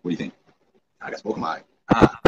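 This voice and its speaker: A man's voice: quick pace, muffled recording, noisy background. A man hosting a livestream, questioning his guest bluntly in casual chat. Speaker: livestream host.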